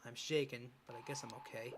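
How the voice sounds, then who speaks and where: A man reading a soft remorseful father. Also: medium pitch, fairly even intonation, fast, background noise, natural voice. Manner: soft, apologetic. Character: remorseful middle-aged father, shaken. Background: game music.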